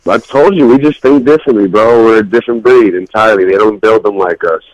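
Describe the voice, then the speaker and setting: A man's voice: on the low side, quick pace, dry recording, low-quality recording. A man from New York co-hosting a talk radio show, blunt, profane and opinionated in casual banter.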